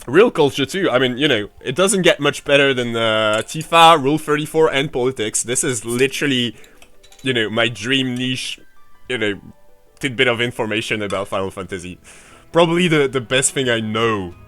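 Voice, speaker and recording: A man's voice: medium pitch, moderate pace, fairly bright tone, soft background music. A man streaming a game playthrough, chatting casually, rambling, swearing freely and answering his chat. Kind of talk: casual livestream commentary.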